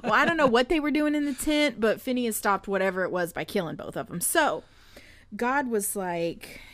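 A woman's voice: on the high side, normal speed, dry recording. A woman co-hosting a casual, irreverent podcast, retelling stories with lots of cursing and laughter. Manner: animated retelling, profane, laughs often. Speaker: podcast co-host.

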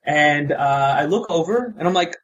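Husky-voiced man swearing through a story. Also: fairly high pitch, expressive, normal speed, dull audio. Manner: profane, rambling with many fillers. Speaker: podcast co-host. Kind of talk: casual storytelling chat.

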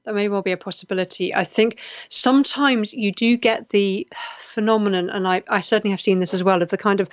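A middle-aged woman from the West Country of England hosts a live chat show, earnest and chatty as she answers viewers. Her voice sits at a middle pitch. The sound is dull and dry, with no room around it. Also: fairly even intonation, brisk, no room sound. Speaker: host. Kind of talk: live-stream chat show, reading comments.

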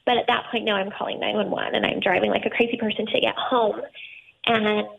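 A woman's voice: mid-range voice, flat delivery, brisk, creaky, a bit bright. A woman telling a painful personal story, tearful, her voice close to breaking. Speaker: guest. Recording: phone-like narrow line.

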